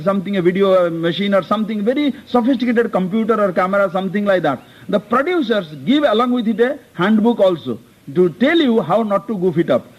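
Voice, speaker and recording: A man's voice: high voice, a little mellow. A man, a spiritual teacher, giving an earnest discourse on scripture and telling stories to illustrate it, often addressing his listeners as sir. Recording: dull lo-fi lecture tape.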